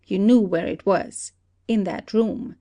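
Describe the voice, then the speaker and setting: A woman voicing a shrewd country detective who calmly lays out an accusation in a play reading. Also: medium pitch. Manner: steady, deliberate accusing. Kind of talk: amateur audiobook play reading.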